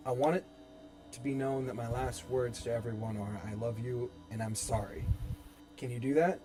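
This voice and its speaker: A man playing a haunted, despairing young man who speaks quietly and with resignation. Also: medium pitch, steady tone, moderate pace, over music, natural voice. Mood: resigned. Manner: quiet, resigned, breaking to cries.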